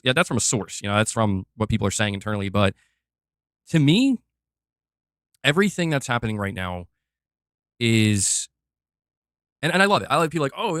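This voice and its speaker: A man's voice: mid-range voice, a bit bright, dry recording, clean studio sound. Fired-up man ranting about games. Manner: fiery, exasperated, profane, talks fast in bursts. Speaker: gaming commentator reacting to a video. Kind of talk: heated reaction rant.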